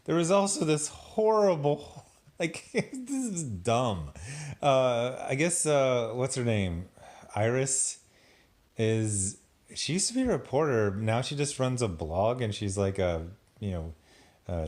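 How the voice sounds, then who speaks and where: A man giving a casual, sarcastic review of a TV episode, laughing often as he picks it apart. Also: mid-range voice. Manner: sarcastic, animated, laughs a lot. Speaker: TV show reviewer.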